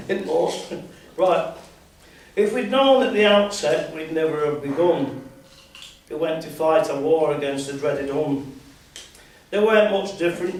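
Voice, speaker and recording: An older Scottish man with a slightly high, slightly mellow voice reads his own rhyming poems at an open mic, chatting hesitantly and rambling between them. The room is very echoey, the mic is at a distance, and there is faint noise.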